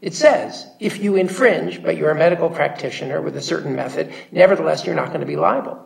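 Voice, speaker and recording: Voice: mid-range voice, expressive, fast, vocal fry. A judge from the bench who interrupts counsel and firmly explains the law. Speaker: appellate judge. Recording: voice heard from a distance.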